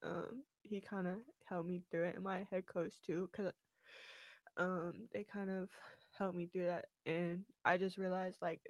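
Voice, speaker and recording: A young woman, a high school basketball player, speaking in a studio interview in a halting, emotional way with many pauses and fillers. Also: flat delivery, no echo. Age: teens. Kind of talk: podcast interview. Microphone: studio mic.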